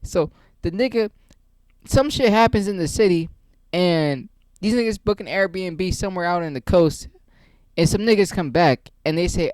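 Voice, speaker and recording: Profane rambling man, fairly high voice. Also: moderate pace, a little mellow, dry recording. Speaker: channel host reviewing a movie. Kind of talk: casual movie rant.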